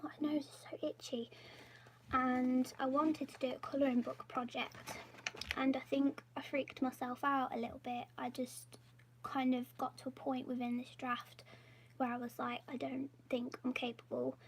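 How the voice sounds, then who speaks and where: A woman's voice: high-pitched, little pitch movement, normal speed, a little hiss or hum. A woman live-streaming from her home office, chatting in a rambling, self-deprecating way, often dropping to a half-whisper. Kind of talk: casual live-stream chat.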